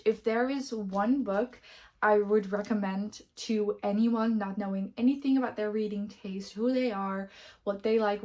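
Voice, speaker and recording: Woman book vlogger, casual to-camera chat, effusive, full of ums and restarts, mid-range voice. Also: medium pitch. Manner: gushing, with frequent fillers and restarts.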